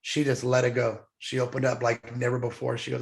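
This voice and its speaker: A man's voice: medium pitch, level tone, brisk, gravelly. A middle-aged man, a podcast guest, telling a personal story in an earnest, heartfelt way, getting emotional as he speaks.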